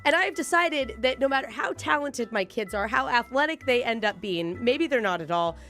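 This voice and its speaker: This is a woman in her thirties bantering on a morning radio show. Her voice sits high, and she talks in a loose, self-deprecating way with frequent laughs. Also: lively intonation, moderate pace, a bit bright, faint music behind. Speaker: radio co-host.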